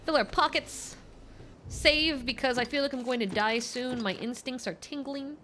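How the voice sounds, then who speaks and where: Bright, high-voiced young woman streamer. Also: moderate pace, slight background noise. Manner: playful and teasing, talks to chat and to her companion. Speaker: livestreamer. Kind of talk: casual gameplay commentary.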